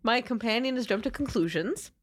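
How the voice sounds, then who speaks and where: A woman plays a prim noblewoman duelist in a tabletop game. She speaks in a polite, formal, measured way. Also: a little high, lively intonation, pitched above the performer's own voice.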